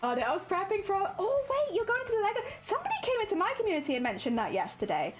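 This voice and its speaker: A woman's voice: extremely high pitch, huge pitch swings, fast talker. A woman streaming live, chatting casually and playfully with her chat while she crafts.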